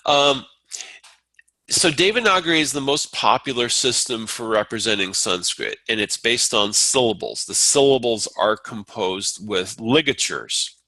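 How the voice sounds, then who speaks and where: Male teacher, lecturing, slow pace, bright tone, dry close sound, pauses with ums. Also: medium pitch, lively intonation, dry recording, poor audio. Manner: unhurried, explanatory, with many fillers and restarts. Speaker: Sanskrit teacher.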